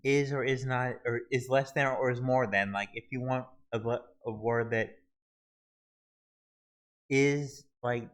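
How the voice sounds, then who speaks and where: A man walking viewers through a website search tool in a halting, casual screen-recorded tutorial, often restarting his sentences. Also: medium pitch, fairly even intonation, poor audio. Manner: halting, many restarts and fillers. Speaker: video tutorial host.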